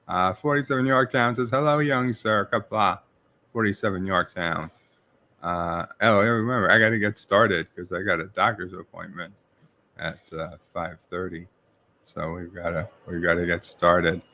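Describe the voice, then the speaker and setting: A man's voice: on the low side, sharp tone. A middle-aged man with a New York accent hosting a live stream, reading viewers' chat messages aloud and answering them casually. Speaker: livestream host reviewing a TV episode.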